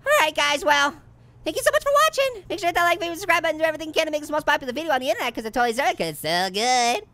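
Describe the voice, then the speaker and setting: A woman giving excitable, jokey let's-play commentary as a video game streamer, talking to her viewers as she plays. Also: high voice, racing.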